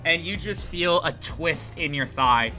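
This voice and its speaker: Guy gm narrating a stream game, bright sharp voice, swoops up and down, takes his time. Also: on the high side, unhurried, soft background music. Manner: animated, laughing narration. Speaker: game master.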